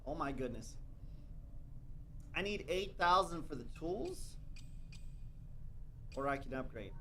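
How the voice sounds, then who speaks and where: A man's voice: a little high, animated, takes it slowly, fairly bright tone. A man streaming a game and commenting live, muttering to himself and teasing his chat in a wry way. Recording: noisy with game sound.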